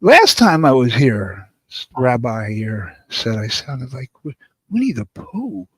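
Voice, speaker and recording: Deadpan man with a lively pitch. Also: unhurried, breathy edge, dry recording. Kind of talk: casual chat.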